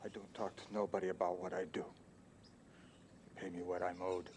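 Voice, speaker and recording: Gruff hostile man playing a grumpy debtor. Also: low-pitched, flat delivery, moderate pace, darkish tone, a little hiss or hum, lightly acted. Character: grumpy middle-aged man owed money.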